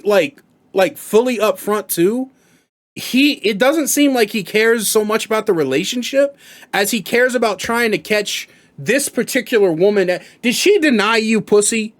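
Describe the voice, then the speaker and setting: Blunt, profane man in reaction commentary. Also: high-pitched.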